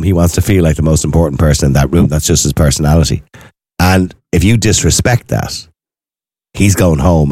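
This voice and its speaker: A man's voice: low-pitched, a little mellow, no room sound, studio quality. A man hosting a casual talk show, blunt and sometimes sarcastic. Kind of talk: casual radio chat.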